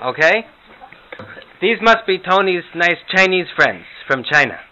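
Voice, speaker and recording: A fussy, doting old Jewish grandmother, as a man puts her on in a raised, higher voice, repeating things loudly. The recording is dull and lo-fi, with steady noise behind. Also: measured pace. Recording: lo-fi with loud background noise.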